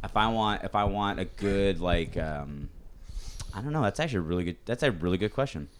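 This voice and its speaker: A man co-hosting a podcast in casual chat, telling rambling, animated stories with lots of fillers. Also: deep voice, a little fast, a little hiss or hum. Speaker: podcast co-host.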